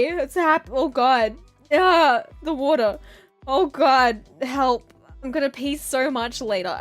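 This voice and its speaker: A young woman streaming as an artist, chatting casually and giggling while she draws, with playful, melodramatic outbursts. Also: sits high.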